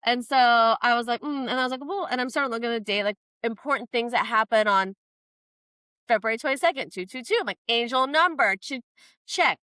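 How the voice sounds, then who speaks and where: A woman co-hosting a podcast, telling a personal story in casual chat, animated and full of "like" fillers. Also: on the high side, quick pace, clear, resonant tone, no room sound. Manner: animated, quotes herself in lively voices; frequent fillers "like". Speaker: podcast co-host.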